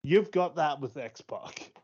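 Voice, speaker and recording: An excitable man in his thirties chats casually as a co-host, swearing and laughing between thoughts. He talks in an unhurried, drawn-out way. The sound is dull and lo-fi. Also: a little high, breathy edge. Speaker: podcast co-host. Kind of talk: casual chat.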